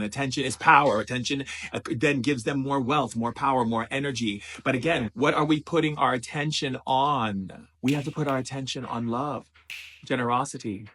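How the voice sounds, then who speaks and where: A man's voice: mid-range voice, a bit bright. A man as a spiritual teacher giving an emphatic, repetitive motivational talk.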